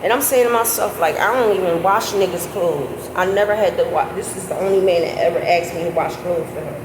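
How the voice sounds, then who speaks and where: A middle-aged woman telling a story casually, animated and profane, her voice breaking into high laughing squeals. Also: a little fast. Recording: echoey with loud background noise.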